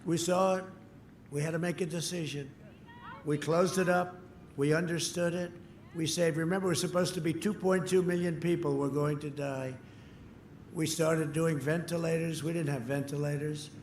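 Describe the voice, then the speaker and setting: Older man shouting through a booming rally speech. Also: steady tone, normal speed, echoey room, a little hiss or hum. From United States. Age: 70s. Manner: boastful, repetitive, swings between shouting and quiet asides. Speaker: political candidate.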